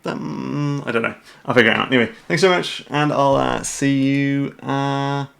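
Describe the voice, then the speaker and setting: A man's voice: mid-range voice, fairly even intonation, moderate pace, gravelly, a bit bright. A British man hosting a casual livestream, rambling through viewer questions with lots of fillers, restarts and self-deprecating asides from a room at home at night. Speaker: host.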